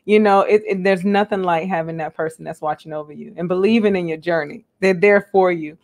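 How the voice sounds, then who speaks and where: A woman hosting a live online interview, earnest and halting with many ums, laughing often, over a video call. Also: lowish voice, steady tone, a little mellow. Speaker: host.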